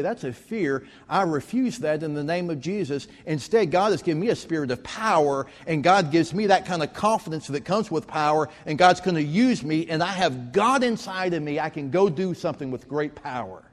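Man, preaching, fairly high voice, long church reverb. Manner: preaching with rising emphasis and storytelling. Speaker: pastor. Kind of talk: sermon. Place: church sanctuary.

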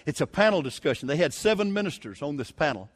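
A man's voice: fairly high pitch, very animated, fast talker, no room sound. A man preaching a sermon, telling a personal story in a folksy, emphatic way with touches of humor. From Southern United States. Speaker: evangelist preacher.

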